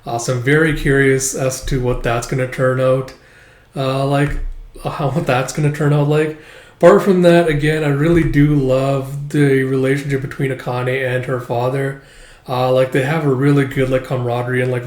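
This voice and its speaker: A man's voice: medium pitch, little pitch movement, moderate pace, a little mellow, roomy sound. A man giving a casual, rambling commentary on a manga chapter, filling his talk with "like" and "uh". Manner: rambling, heavy use of "like" and "uh" fillers.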